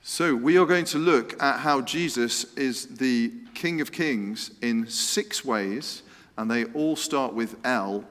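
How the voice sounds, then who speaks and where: An excitable, chatty man, giving a lively church talk that includes a quiz. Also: medium pitch. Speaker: preacher. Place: church hall. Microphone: handheld microphone. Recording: reverberant hall sound.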